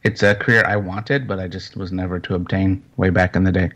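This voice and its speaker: A man chatting casually as a co-host, relaxed and hesitant with fillers. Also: low voice, a little fast. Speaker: co-host, paranormal investigator. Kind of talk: casual chat. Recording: dull lo-fi audio.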